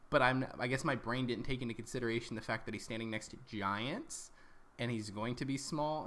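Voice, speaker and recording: A man's voice: medium pitch, fairly bright tone. A man recapping his tabletop campaign as dungeon master, rambling along with lots of ums and corrections.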